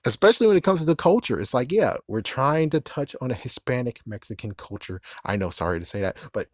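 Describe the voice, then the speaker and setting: A man's voice: medium pitch, sing-song, quick pace, dry recording, studio quality. A man who vlogs, complaining in a casual, rambling commentary and often cutting himself off in exasperation. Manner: exasperated, rambling, self-interrupting. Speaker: vlogger.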